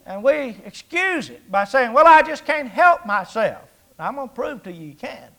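A man's voice: very high voice, very animated, normal speed, bright, forceful tone. A man in his sixties preaching a sermon in a folksy, conversational way, with jokes and rhetorical questions. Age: 60s.

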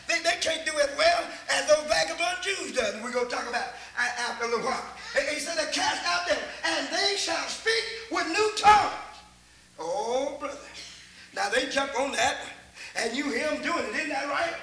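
High-voiced older Texan preacher. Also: male voice, roomy sound, rough recording. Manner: folksy storytelling, repeats words, builds to shouts. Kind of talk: folksy sermon.

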